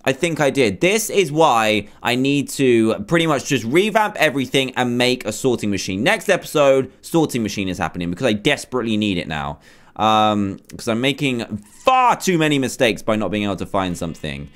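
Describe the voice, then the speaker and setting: Animated man narrating his gameplay. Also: mid-range voice, brisk. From England. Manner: animated, self-mocking, talks to himself while playing. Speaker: gaming YouTuber. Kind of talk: Minecraft let's play commentary.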